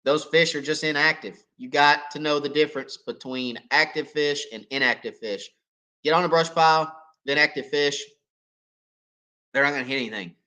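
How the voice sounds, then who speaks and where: A man hosting a live fishing Q&A, hoarse and coughing as he loses his voice, talking in a folksy, chatty way and checking in with viewers. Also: fairly high pitch, moderate pace, sharp tone. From East Tennessee. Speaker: fishing channel host. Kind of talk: live Q&A chat.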